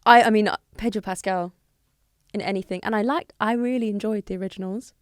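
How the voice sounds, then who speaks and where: A woman's voice: mid-range voice, steady tone, a little fast, no room sound, clean studio sound. A British woman chatting as a podcast guest, giggly and teasing. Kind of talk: casual chat.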